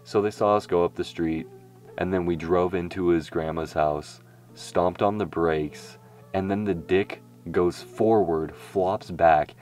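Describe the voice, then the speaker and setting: A man's voice: low voice, unhurried, a little mellow, faint music behind. A young man telling a crude, jokey story in a laid-back, casual way. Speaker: vlogger.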